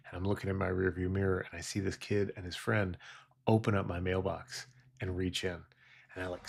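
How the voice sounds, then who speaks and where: Middle aged guy rambling on a trading stream, deep and kinda raspy. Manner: rambling, self-deprecating storytelling. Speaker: futures trader streaming live. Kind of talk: casual live-stream chat.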